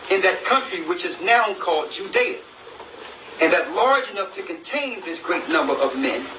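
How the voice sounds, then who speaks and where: Slow, emphatic man in an echoey room. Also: high voice. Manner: slow, emphatic reading with rhetorical questions. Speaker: religious video host. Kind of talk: reading and commenting on a historical text. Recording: roomy echo, distant mic, noisy background.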